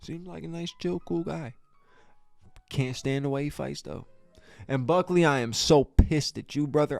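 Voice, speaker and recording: This man hosts a podcast from a studio, reviewing a fight casually with plenty of exasperation and swearing while he stumbles and starts over. He speaks at a normal speed in a slightly mellow, medium-pitched voice, the recording dry with faint music in the background.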